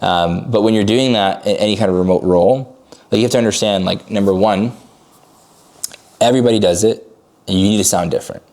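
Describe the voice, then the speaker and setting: A man coaching on a sales call, his voice low and gravelly. He talks fast and loose, with "like" in every sentence, and jumps into lively bursts when he acts out a cold call. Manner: fast casual talk full of "like" fillers; acts out calls with sudden bursts of high energy.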